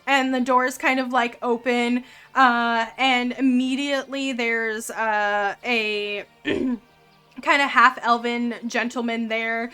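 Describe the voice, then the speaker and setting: A woman's voice: on the high side, fairly even intonation, slow, pushed and bright, smooth, faint music behind. A woman narrating a tabletop game as game master, describing scenes in a casual, filler-heavy way.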